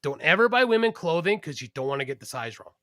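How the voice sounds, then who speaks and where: A man hosting a podcast, telling a story with lots of cursing and animated energy. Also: a little high, quick pace, no echo, clean studio sound. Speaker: podcast host, garbage collector. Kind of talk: casual podcast chat.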